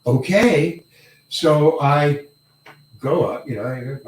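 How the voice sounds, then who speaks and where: An older male actor telling a career story in an interview, halting and rambling, often repeating words and chuckling. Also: fairly high pitch. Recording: roomy echo, mic set far away.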